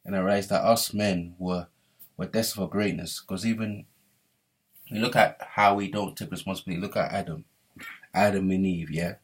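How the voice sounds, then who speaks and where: A man's voice: deep voice, fairly even intonation, normal speed, breathy edge. A young man giving an emphatic, repetitive motivational monologue, often checking in with "yeah?". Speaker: motivational speaker. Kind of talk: preachy monologue to camera.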